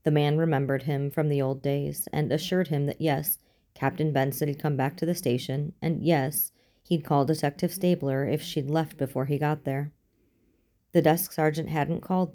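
Female audiobook narrator, low and warm, steady storytelling delivery. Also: normal speed.

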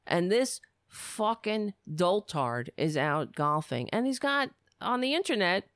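Scathing woman ranting, pitch swinging. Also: very animated, takes it slowly, fairly bright tone, no echo, studio quality. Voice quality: profane, scathing, sarcastic. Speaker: political commentary host. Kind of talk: angry political rant.

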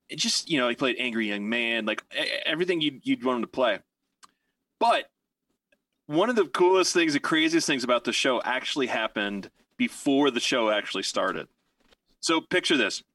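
A man telling a long anecdote in casual podcast chat, rambling and animated with many fillers and restarts. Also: mid-range voice, dry recording, far from the mic.

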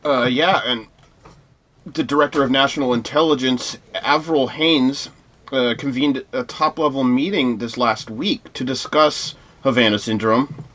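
A man's voice: mid-range voice, unhurried, fairly bright tone. Guy on a podcast reading out news stuff, lots of uhs, chatty. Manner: reads news aloud with hesitant fillers. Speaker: podcast co-host. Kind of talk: casual news discussion.

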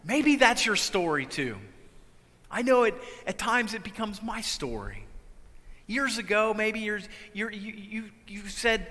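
A man preaching a sermon, swinging between loud, urgent lines and hushed, quiet ones. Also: high-pitched, very animated, a little slow, big-room sound. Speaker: pastor.

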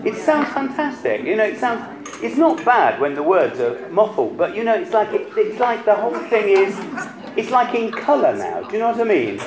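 A man's voice: high-pitched, wildly swooping pitch, moderate pace, a crowd in the background. A man leading a choir rehearsal, encouraging the singers with hesitant restarts and short sung snippets. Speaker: choir conductor. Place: rehearsal hall. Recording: echoey hall with choral music. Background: choir singing.

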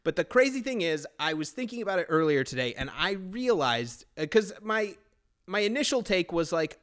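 A man's voice: high voice, sing-song, moderate pace, a bit bright. A man co-hosting a casual podcast, rambling and joking with lots of restarts. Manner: rambling, jokey, many restarts. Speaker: podcast co-host. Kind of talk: casual chat.

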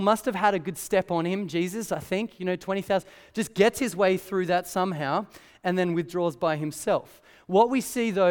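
High-voiced preacher in a hall. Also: male voice. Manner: conversational, animated storytelling with asides. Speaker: pastor. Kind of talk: sermon. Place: church hall.

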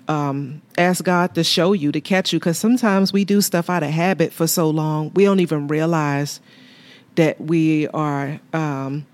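A woman's voice: deep voice, fairly even intonation, a little slow, a little mellow. A woman co-hosting a faith talk show with her husband, speaking candidly and with humor about marriage.

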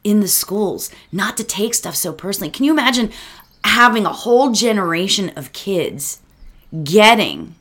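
A woman's voice: mid-range voice, expressive, normal speed, a bit bright. A middle-aged woman giving a reflective solo talk as a meditation teacher, earnest and rambling, speaking straight to her listeners and close to tears. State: emotional, near tears.

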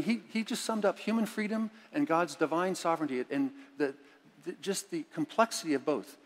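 Pastor, man, middle-aged, preaching in a church with a long echo; slightly high voice, expressive delivery. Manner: expressive, swings from hushed reading to loud emphatic lines. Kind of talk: sermon. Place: church sanctuary. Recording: church sanctuary with long reverb.

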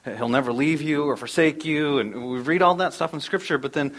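A man's voice: fairly high pitch, fairly quick. A middle-aged man preaching a sermon, telling stories with energy and sometimes dropping almost to a whisper for emphasis. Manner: storytelling, animated, drops to near whisper for emphasis. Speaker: pastor.

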